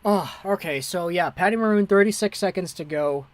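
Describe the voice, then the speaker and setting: An excitable amateur streamer calls a hockey game play by play in a breathless rush. The voice sits at an ordinary middle pitch. It is recorded close and dry, with no room sound. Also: moderate pace, no echo. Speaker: hockey livestream host.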